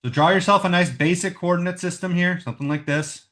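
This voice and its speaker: With fairly even intonation and a quick pace, a somewhat high-voiced math teacher talks through each step of a problem, often asking "right?". The lesson is recorded at home on a computer microphone.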